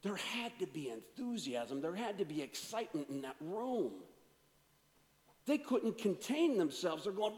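A man preaching a sermon as a pastor, swinging from energetic to hushed delivery. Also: high-pitched, unhurried, big-room sound.

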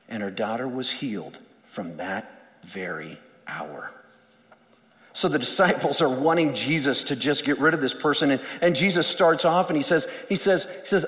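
A man's voice: mid-range voice, animated, normal speed, a bit bright, big-room sound. A male pastor preaching a sermon in an earnest, emphatic way, often repeating words.

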